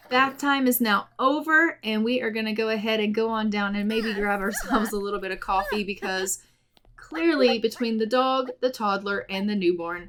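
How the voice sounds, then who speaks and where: A woman's voice: mid-range voice, a bit bright. Chatty woman narrating a life-sim game. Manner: chatty, doting. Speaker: gaming channel host. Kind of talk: casual let's play commentary.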